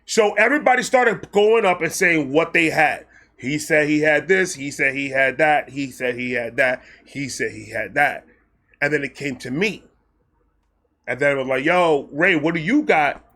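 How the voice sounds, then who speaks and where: Excitable bright-voiced man telling a story. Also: on the high side, normal speed. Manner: excitable, profane, animated. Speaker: storyteller host. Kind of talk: casual storytelling vlog.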